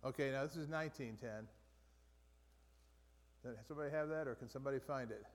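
A man leading a Bible study group in a relaxed, conversational way, often restarting and repeating phrases. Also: medium pitch, brisk. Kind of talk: casual Bible study teaching. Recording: long reverb from a large room.

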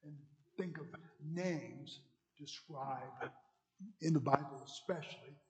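A man's voice: a little high, slow pace, a little mellow, low-quality recording. Man, bible study teacher, emphatic, repetitive, classroom teaching. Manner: emphatic, repeats key words.

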